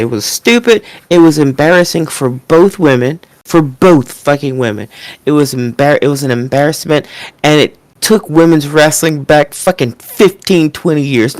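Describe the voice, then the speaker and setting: A woman's voice: deep voice, darkish tone, no room sound. Profane ranting woman podcaster. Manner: profane, ranting, mocking impressions. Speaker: podcast co-host. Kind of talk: casual podcast chat.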